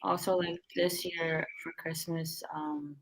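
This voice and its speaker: Woman, tired, monotone delivery, rambling casual chat, full of fillers. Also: low voice, takes it slowly, a little hiss or hum, poor audio. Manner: rambling, many fillers and restarts. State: tired, yawning. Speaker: restaurant owner giving business tips.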